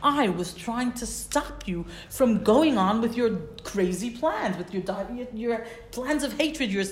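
A woman's voice: a little high, animated, measured pace, a little hiss or hum. A woman teaching a Bible class who reads Hebrew verses, translates them, and repeats words for stress. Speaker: Torah teacher. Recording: roomy echo.

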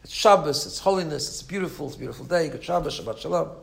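A man voicing a poor husband in a story, speaking in cheerful, warm greetings. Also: a little high, fast talker, creaky. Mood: joyful. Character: poor joyful husband, middle-aged man.

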